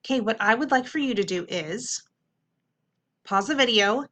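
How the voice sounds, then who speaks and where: A woman teacher leading a phonics lesson for kids, patiently drilling the vowels and slowly sounding out syllables. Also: on the high side, animated, fairly bright tone. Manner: patient, repetitive classroom drills.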